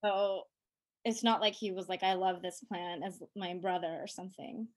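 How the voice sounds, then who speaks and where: A woman in a casual group discussion, thoughtfully raising questions and trailing off softly. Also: lowish voice, fairly even intonation, moderate pace, no echo, rough recording.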